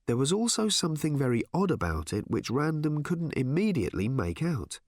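A man reading an audiobook with expressive, wry storytelling. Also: a little high, brisk, no echo, clean studio sound. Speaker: audiobook narrator. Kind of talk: scripted narration.

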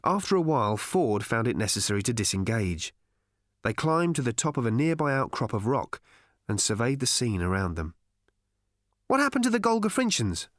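Male audiobook reader, wry and lively in pitch, close and dry. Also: moderate pace, dry recording. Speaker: audiobook narrator. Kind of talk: scripted narration.

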